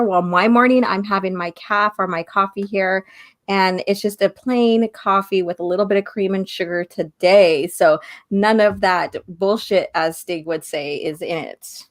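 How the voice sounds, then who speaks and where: Female co-host, giggly and talkative, slightly hoarse voice, casual stream chat. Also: medium pitch, normal speed. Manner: giggly, chatty, reads out viewer messages. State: slightly hoarse, losing her voice. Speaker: podcast co-host.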